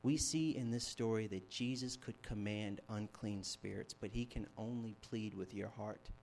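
A young man preaching a sermon, telling a story with animated shifts from hushed to loud. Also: lowish voice, moderate pace, vocal fry, slight background noise. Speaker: campus ministry preacher.

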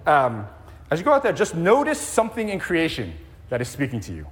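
A man in his forties preaching a conversational sermon, gently humorous, with frequent ums. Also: fairly high pitch, wildly swooping pitch, brisk, slight background noise. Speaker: pastor. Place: church sanctuary. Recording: long reverb in a church hall.

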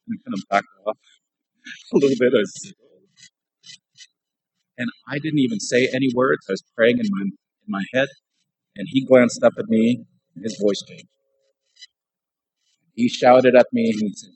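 Male preacher, husky mid-pitched voice, dramatic sermon delivery. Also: normal speed, long pauses, low-quality recording. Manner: animated, dramatic storytelling that swings loud and soft. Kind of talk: storytelling sermon with closing prayer. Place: church sanctuary.

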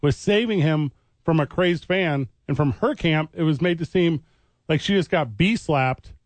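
A man's voice: on the high side, a little slow, dry recording. A man co-hosting sports talk radio, arguing his point and choosing his words with care. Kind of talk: heated sports talk debate.

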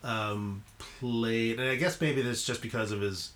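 A man co-hosting a film podcast, talking in a casual, halting way with many ums and restarts. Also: mid-range voice, fairly even intonation, a bit bright. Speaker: podcast co-host.

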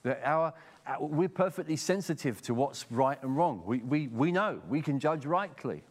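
A man's voice: a little high, animated, normal speed. A middle-aged Englishman with an English accent preaching a sermon in a conversational way, often repeating words as he starts a sentence. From England.

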